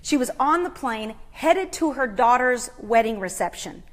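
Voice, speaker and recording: A middle-aged woman hosting a motivational talk, telling a story with dramatic swings from hushed to loud. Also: on the high side, expressive, normal speed. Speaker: host.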